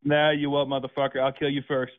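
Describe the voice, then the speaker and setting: A man's voice: medium pitch, monotone, quick pace. A man arguing on the phone, furious and profane, hurling threats back at a prank caller. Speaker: prank call target. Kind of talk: angry phone argument. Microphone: telephone. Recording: tinny phone line.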